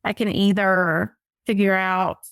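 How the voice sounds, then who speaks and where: A woman's voice: medium pitch, little pitch movement, measured pace, a bit bright, clean tone, no room sound. A woman from Alabama, a rehabilitation engineer answering as a podcast guest with dry humor. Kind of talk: interview answers.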